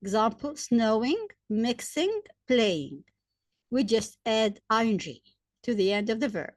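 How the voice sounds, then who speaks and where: A woman, likely a native Arabic speaker, teaching English grammar step by step, spelling out letters, repeating examples and pausing with fillers. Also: on the high side, very animated, no echo, studio quality. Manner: hesitant fillers between points. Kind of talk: slow, deliberate grammar lesson.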